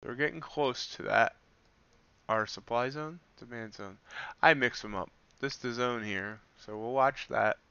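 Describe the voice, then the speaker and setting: A man's voice: medium pitch, a little slow, creaky, clear, resonant tone, no room sound, lo-fi sound. A man hosting a casual live stream, commenting on the futures market and answering chat as he goes. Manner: relaxed, thinks aloud, answers chat. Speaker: livestreaming futures trader.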